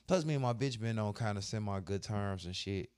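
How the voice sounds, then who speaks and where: A man's voice: fairly low pitch, a little fast, a little mellow, clean tone, no echo, studio quality. A man who works as a barber and co-hosts a podcast, telling crude, heated stories about arguments in a blunt, profane, casual way. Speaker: podcast co-host.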